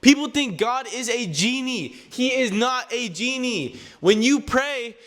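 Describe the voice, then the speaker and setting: A man's voice: very high voice, animated, unhurried, fairly bright tone. A nineteen-year-old man talking to the camera in an earnest, preachy way about his faith, often repeating words and restarting sentences as he addresses his viewers. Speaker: clothing brand owner and vlogger. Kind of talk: faith-driven motivational talk to camera.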